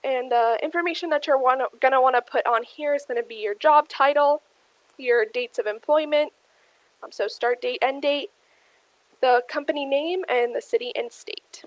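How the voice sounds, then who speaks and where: A woman's voice: high voice, moderate pace, dry recording, rough recording. A young adult woman giving an instructional talk, explaining steadily with frequent ums and addressing the listeners as "you guys". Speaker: career workshop presenter. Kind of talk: instructional presentation.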